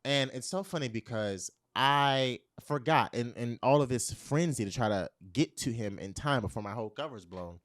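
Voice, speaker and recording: A man, a guest on a talk show, telling a funny personal story in a dramatic, animated way with cursing asides. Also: mid-range voice, normal speed, few pauses, no echo, clean studio sound. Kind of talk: casual storytelling chat.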